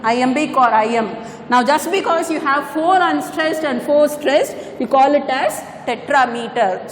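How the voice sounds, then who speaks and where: High-voiced woman lecturing in an echoey room. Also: slight background noise. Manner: patient, repeats points, corrects herself. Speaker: English teacher. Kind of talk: classroom lecture on poetry. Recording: echoey room with long reverb.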